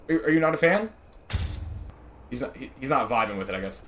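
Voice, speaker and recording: A man's voice: medium pitch, lively intonation, a little fast, a bit bright. A young man doing profane, nervous, jokey commentary while playing a horror game. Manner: profane, jittery, nervously joking. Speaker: gamer.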